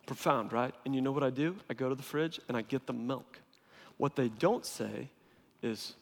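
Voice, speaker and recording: A man preaching a sermon as a pastor, in a casual, humorous and animated way. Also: mid-range voice, moderate pace, vocal fry. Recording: long reverb of a large hall.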